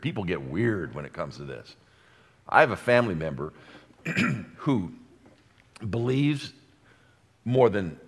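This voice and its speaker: Fervent preacher with a lively, swinging voice. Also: male voice, medium pitch. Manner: fervent, swinging from loud exclamations to hushed asides. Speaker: pastor. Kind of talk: sermon. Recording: long hall reverb.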